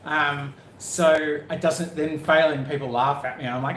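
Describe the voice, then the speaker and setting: A man's voice: fairly high pitch, fairly even intonation, moderate pace, few pauses. A man co-hosting a live travel chat, joking and self-mocking, wandering off into rambling asides. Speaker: co-host of a travel livestream. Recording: echoey room with faint background noise.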